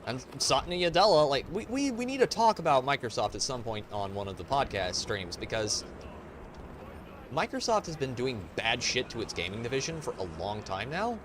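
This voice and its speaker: A man's voice: mid-range voice, very animated, normal speed. A man streaming a game, ranting and swearing in casual, profane commentary. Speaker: gaming streamer. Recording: noisy background.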